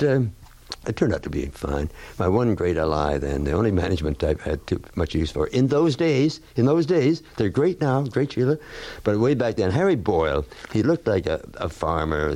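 A man's voice: deep voice, fairly quick, no room sound. An older man, a veteran radio broadcaster, telling wry anecdotes and acting out the people he quotes. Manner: wry, animated when quoting others. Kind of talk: anecdotal storytelling.

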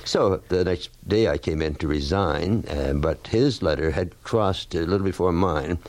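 A man's voice: deep voice, normal speed, dry recording. An older man, a veteran radio broadcaster, telling wry anecdotes and acting out the people he quotes. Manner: wry, animated when quoting others. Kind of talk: anecdotal storytelling.

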